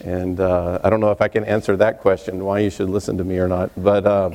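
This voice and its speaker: A man from Texas introducing himself to a congregation as a visiting preacher, relaxed and chatty with many fillers and asides. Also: low voice, a little fast. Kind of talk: sermon introduction, casual and folksy. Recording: reverberant hall.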